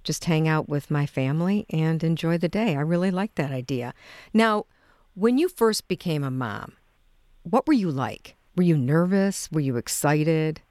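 Low-voiced woman hosting a talk show. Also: lively intonation, normal speed, a little mellow, dry recording. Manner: friendly, asks short questions, laughs along. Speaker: radio talk show host. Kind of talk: casual interview chat.

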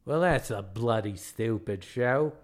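A man's voice: medium pitch, slow, close to an everyday voice. A man voicing a blunt, scornful Australian male tour guide, in a put-on Australian accent.

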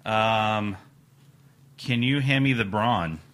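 A man co-hosting a podcast, recapping wrestling with animated, jokey remarks. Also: fairly low pitch, slight background noise. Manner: animated, jokey, quick reactions. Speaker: podcast co-host. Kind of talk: casual wrestling recap chat.

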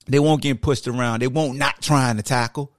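A man hosting a sports podcast, talking straight to his listeners in an animated, preachy monologue. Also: medium pitch, normal speed, no echo, studio quality. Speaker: podcast host.

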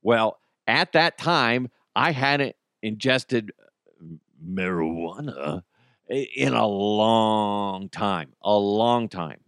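A man hosting a solo podcast, telling stories in a lively way and laughing often. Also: lowish voice, extremely slow, clean tone, no room sound, clean studio sound. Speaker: podcast host.

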